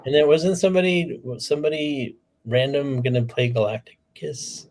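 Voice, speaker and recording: A man from the American Southwest in a casual chat, easygoing and quick to laugh. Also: on the high side, steady tone, darkish tone. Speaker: podcast guest.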